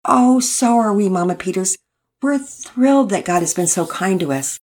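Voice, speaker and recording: A woman voicing a pleasant, cheerful mother who gushes warmly over good news. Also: medium pitch, expressive, normal speed, pitched above the performer's own voice, close to an everyday voice. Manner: pleasant, gushing.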